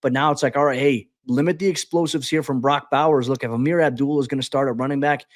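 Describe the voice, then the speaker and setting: A man talks football at a brisk clip, previewing a game as a podcast co-host. His delivery is animated and full of quick restarts and "hey" asides. The sound is dry and close, with little room tone. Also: mid-range voice, dry recording. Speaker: beat reporter and podcast co-host. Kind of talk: sports podcast preview talk.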